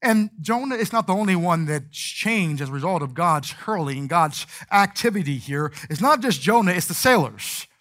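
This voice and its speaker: Male pastor, fairly high voice, animated sermon delivery that slips into voicing characters. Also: normal speed, hardly any pauses. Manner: animated preaching, acts out scripture and anecdotes in character.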